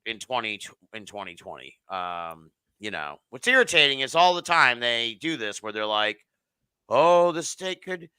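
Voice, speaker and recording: Animated, bright-voiced male podcast host. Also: fairly low pitch, normal speed, hardly any pauses, clean tone, dry recording. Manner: animated, swearing, reads chat aloud. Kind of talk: casual live election chat.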